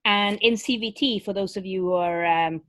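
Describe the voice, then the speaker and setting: Heavy background noise sits under this clip of a woman vocal coach at normal speed in a mid-range voice. She's explaining vocal technique in a webinar, singing demonstrations and talking loosely, full of fillers and false starts.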